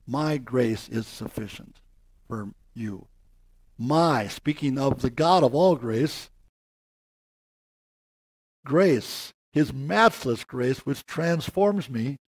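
An older man giving an earnest sermon, slowing down and rising in pitch to stress key words. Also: darkish tone. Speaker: preacher.

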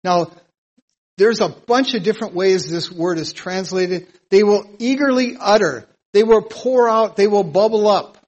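A man teaching a psalm verse by verse in a sermon, earnest and plain-spoken, getting louder whenever he reads scripture aloud. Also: sits high, measured pace, low-quality recording. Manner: emphatic, louder when reading scripture aloud. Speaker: Bible teacher.

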